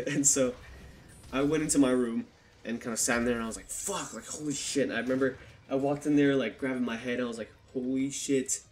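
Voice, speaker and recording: A man's voice: medium pitch, steady tone, a little fast, a little mellow, slight background noise. Foul-mouthed young man telling a story. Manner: casual, swears heavily, acts out quotes. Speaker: YouTuber telling a personal story. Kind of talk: storytime vlog. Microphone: desktop USB microphone.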